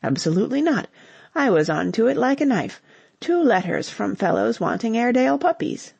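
A cheerful, bumbling young English husband with a breezy, slangy way of talking, read by a woman. The voice is husky with a gravelly edge and swings up and down in pitch. It sits close and dry. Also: sing-song, brisk, darkish tone, dry recording, muffled recording, exaggerated voice.

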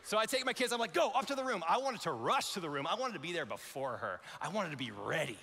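A man in his thirties preaches with a high, bright voice that swings widely as he acts out each voice in his story. He sounds like a pastor on a big church stage, his words trailing into a long hall reverb. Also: expressive, quick pace, vocal fry, slightly rough. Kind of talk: storytelling sermon. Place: large church auditorium.

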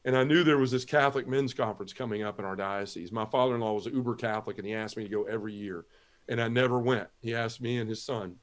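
A man's voice: mid-range voice, fast talker. Man telling a vivid personal testimony. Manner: vivid storyteller acting out dialogue. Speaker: guest.

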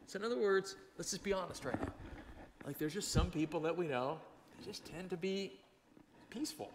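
Man, pastor, conversational sermon, animated storytelling, fairly high voice, long hall reverb. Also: brisk, slight background noise. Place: church sanctuary.

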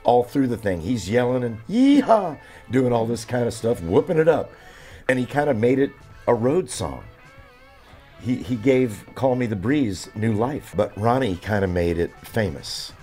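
A man's voice: medium pitch, moderate pace, mellow, soft background music. A man in his seventies talking in an interview, rambling with many fillers and restarts. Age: 70s. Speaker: drummer.

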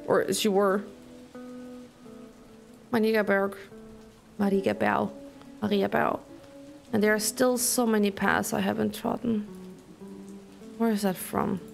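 A woman commentates on a story game, emotional and chatty as she thinks aloud. Her voice is mid-pitched. Soft music plays faintly underneath. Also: vocal fry. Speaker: game streamer. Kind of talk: let's play commentary.

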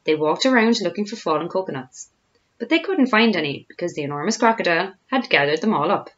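A woman, a teacher, reading a children's storybook aloud with expressive storytelling. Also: lowish voice, fast talker, muffled recording.

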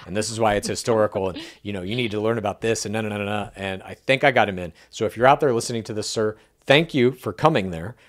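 A man co-hosting a casual podcast, telling an anecdote with animated delivery and acting out the dialogue he quotes. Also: lowish voice, fast talker, hardly any pauses. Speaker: podcast co-host. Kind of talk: casual podcast chat, storytelling.

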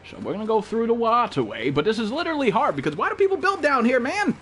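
A man's voice: very high-pitched, sing-song, fast, a bit bright, a little hiss or hum. A young man streaming a game live, greeting viewers and joking in loose, profane, rambling talk. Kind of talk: live gameplay stream chat.

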